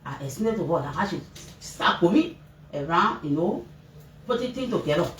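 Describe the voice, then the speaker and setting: A woman with a Liberian English accent, a mother telling reporters what happened to her son, animated and acting out what people said. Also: normal speed. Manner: animated storytelling, acting out shouted quotes, pitch leaping up and down. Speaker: mother giving a press interview. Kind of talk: emotional personal account to reporters. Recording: roomy, distant mic with faint background noise.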